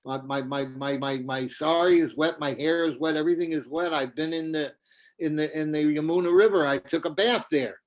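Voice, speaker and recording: A man's voice: a little high, moderate pace, lightly acted. A man voicing a young woman who protests her innocence with flustered, stammering excuses. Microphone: video call.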